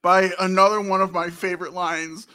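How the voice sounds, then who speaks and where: A woman's voice: fairly low pitch, flat delivery, normal speed, pushed and bright. A woman co-hosting a podcast who laughs often and gushes about a TV episode in casual chat. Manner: laughs often, gushing, filler-heavy. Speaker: podcast co-host.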